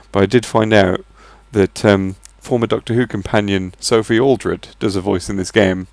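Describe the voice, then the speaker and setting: A man's voice: low voice, creaky, no echo. A man with a Birmingham accent casually commentating on a video game, joking wryly as he plays. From England. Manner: wry and jokey, reading game lines aloud in silly voices. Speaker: let's play commentator.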